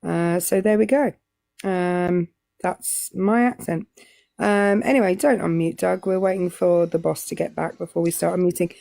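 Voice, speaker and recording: A woman with a Southern English accent hosts a casual live stream, drifting along with lots of ums and uhs. Her voice sits a little low and has a gravelly edge. The sound is dry and close. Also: normal speed, no room sound. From England. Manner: relaxed, rambling, many ums and uhs. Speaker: co-host.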